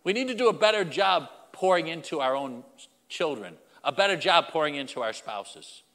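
A man's voice: fairly high pitch, lively intonation, moderate pace, a bit bright, in a large hall. A man preaching a sermon as pastor, emphatic and repetitive, speaking directly to the congregation.

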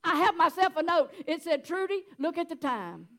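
A high-pitched middle-aged woman with a drawl delivers a homespun sermon. She talks to the congregation like old friends, chatty and quick to laugh. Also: very animated, a bit bright. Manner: folksy, chatty, laughs often. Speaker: preacher.

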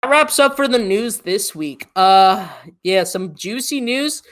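A woman co-hosting a casual gaming podcast, animated and swearing freely as she rants. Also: mid-range voice, measured pace. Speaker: podcast co-host.

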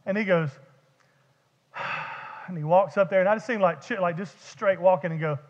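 A pastor preaches in a lively, conversational way, full of vivid humor and repeated words. His voice sits very high and carries a long church echo. The recording is dull and lo-fi. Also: fast talker. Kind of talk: sermon. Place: church sanctuary. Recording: dull echoey church hall.

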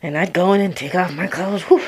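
A woman's voice: lowish voice, husky. Reflective storytelling woman. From Toronto, Canada. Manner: reflective, with long pauses. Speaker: narrator. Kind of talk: personal storytelling.

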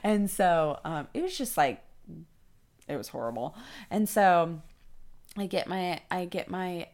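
A woman's voice: fairly low pitch, unhurried. A young adult woman casually telling a story as a podcast host, filling it with fillers and acted-out quotes. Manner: animated, acts out quoted voices, many fillers.

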